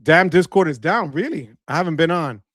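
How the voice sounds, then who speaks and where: New man, livestream host, high voice, dry close sound, animated and playful. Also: fairly quick, dry recording. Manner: animated, playful, shouts catchphrases. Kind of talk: casual livestream chat reading viewer comments.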